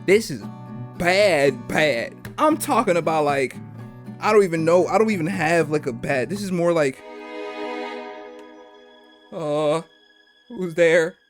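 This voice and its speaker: A woman with a lowish voice who talks slowly and reacts in slang during a podcast chat. Faint guitar music plays underneath. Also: lively intonation. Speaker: podcast co-host. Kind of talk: casual chat.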